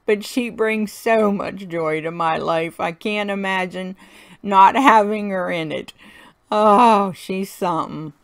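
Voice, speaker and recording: A woman's voice: mid-range voice, slow pace. A woman hosting a card-making tutorial, talking in a chatty, folksy way while she works and laughing often. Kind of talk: casual crafting tutorial narration.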